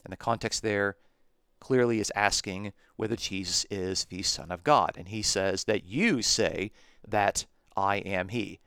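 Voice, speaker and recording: A man hosting a podcast, reading Bible verses aloud and explaining them in a measured way, slowing down to stress key phrases. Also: lowish voice, a bit bright, smooth, no room sound, clean studio sound. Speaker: podcast host teaching on scripture.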